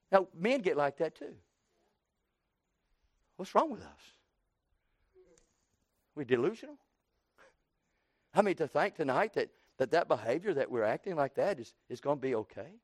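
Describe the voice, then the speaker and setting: A man preaching a sermon, fervent and repetitive, swinging between soft passages and shouted lines. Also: a little high, expressive, normal speed, long pauses, no echo, clean studio sound.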